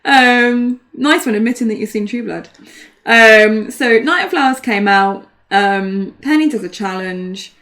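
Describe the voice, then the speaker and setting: A woman's voice: on the high side, unhurried. A British woman co-commentating a card game match in casual chat, teasing and laughing often. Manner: giggly, teasing, animated.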